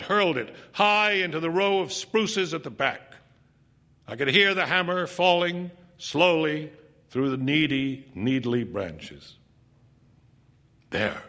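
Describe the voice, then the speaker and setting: Guy doing a dramatic story reading, intense, sometimes drops almost to a whisper, mid-pitched voice. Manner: intense, dropping to hushed near-whispers. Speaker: narrator.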